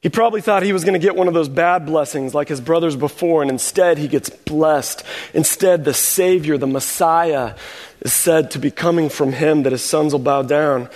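A man's voice: on the high side, normal speed, darkish tone, big-room sound. A man preaching a sermon in a conversational way, acting out short quoted voices of the people in his story. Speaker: pastor.

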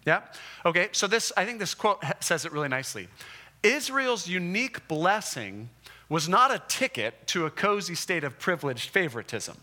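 A man teaching a Bible lesson in a lively, conversational way, checking in with his listeners. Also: high-pitched, normal speed. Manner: animated, acts out the Israelites' complaints. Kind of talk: classroom Bible lecture.

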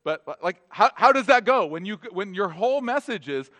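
A man's voice: high-pitched, expressive, moderate pace, a bit bright, dry recording. A man preaching a casual, conversational sermon as a pastor, full of asides and laughing at his own jokes.

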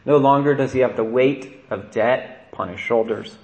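A priest gives a conversational sermon in a church, frequently checking in with "right?". His medium-pitched voice is a little mellow at a moderate pace, and the echoey room recording has its highs cut off.

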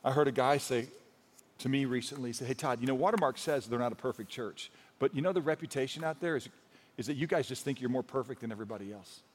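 A man's voice: medium pitch, fast, slightly rough. A male pastor preaching a sermon in a conversational, storytelling way, with humor and rising emphasis. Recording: long hall reverb.

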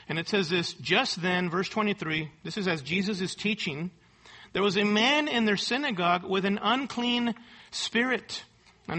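A pastor preaches to his congregation in a high, forceful voice. He leans hard on key words, repeats them for weight, and keeps checking in with a quick "right?". The tone is that of a church sermon. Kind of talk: expository sermon. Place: church service.

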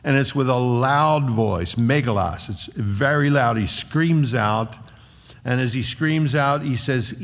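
A man preaching a sermon with a dramatic delivery, rising to loud declarations and dropping to hushed tones. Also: medium pitch, slow pace, vocal fry. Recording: dull lo-fi recording in a reverberant hall.

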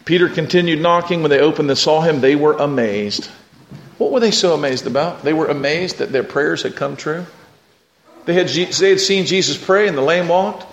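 A man preaching a lively storytelling sermon and calling on his congregation to answer back. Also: a little high, moderate pace, highs cut off. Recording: echoey room with faint noise.

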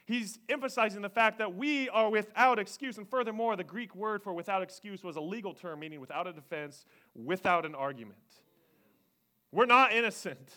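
High, bright-voiced male pastor preaching. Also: moderate pace. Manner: animated preaching, swinging from loud emphasis to hushed whispers; acts out voices of people he quotes, joking. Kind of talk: sermon.

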